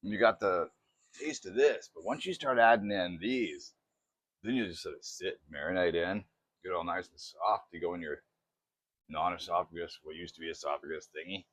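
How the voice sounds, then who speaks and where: A man chatting through a casual cooking demo in his home kitchen, excitable and poking fun at himself. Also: deep voice, moderate pace, no room sound. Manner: chatty, excitable, self-mocking. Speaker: cooking vlogger.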